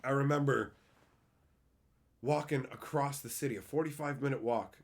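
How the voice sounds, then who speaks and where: A man streaming live, reading out chat messages and telling stories in a casual, swearing, up-and-down way. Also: moderate pace. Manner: animated, swings between loud excited reading of chat and low reflective storytelling.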